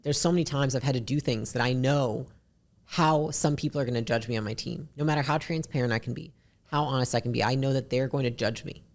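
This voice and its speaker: A woman with a deep, raspy voice, a podcast guest talking bluntly and candidly, swearing casually. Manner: blunt, swears casually, talks fast in bursts.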